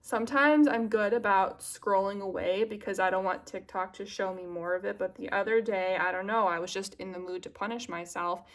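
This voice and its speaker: A woman's voice: medium pitch, fairly even intonation, fairly quick, few pauses. A young woman vlogger chatting casually to the camera, confiding and self-mocking, drifting into earnest musing.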